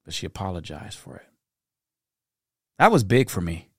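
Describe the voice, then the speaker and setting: A middle-aged man hosting a reflective solo podcast, talking earnestly in a storytelling way that turns soft-spoken at times. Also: low-pitched, big pitch swings, normal speed, husky, dry recording, studio quality. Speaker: podcast host.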